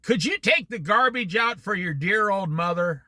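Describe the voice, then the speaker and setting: A sarcastic older mother with a raised, lively voice, as a man puts her on while telling a story. She teases her grown son in a mock-sweet, drawn-out way. The sound is dry and bright. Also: high voice, dry recording, pitched above the performer's own voice, exaggerated voice.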